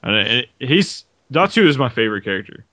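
A man's voice: mid-range voice, big pitch swings, a little fast, pushed and bright, no echo. Male co-host, curious and easygoing, dry close sound. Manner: curious, asks easygoing questions. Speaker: podcast co-host. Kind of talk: casual interview chat.

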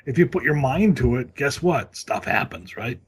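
A middle-aged man guesting on a podcast, talking in a loose comic way and breaking into cartoon impressions and shouts. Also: medium pitch, big pitch swings, normal speed, breathy edge.

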